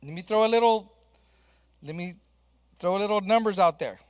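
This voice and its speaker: A woman's voice: mid-range voice, normal speed, smooth. A woman presenting at a reception, upbeat and playful, joking through the technical glitches. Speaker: event presenter. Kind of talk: lively speech at a reception. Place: large reception hall. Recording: echoey hall with faint background noise.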